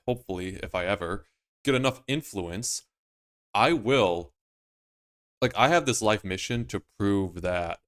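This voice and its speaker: A man's voice: on the low side, fairly bright tone. A man hosting his own commentary video, talking casually in a rambling, emphatic, opinionated way. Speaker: MMA YouTuber host.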